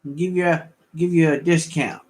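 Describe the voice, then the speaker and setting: A man's voice: a little high, steady tone, moderate pace, darkish tone. An older man rambling casually as he hosts a livestream auction and chats with viewers. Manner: rambling, folksy, chatting with viewers.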